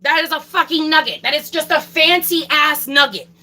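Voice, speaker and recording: A woman's voice: high voice, moderate pace, bright, forceful tone, poor audio. A young woman ranting casually on a livestream, swearing a lot and repeating herself for emphasis.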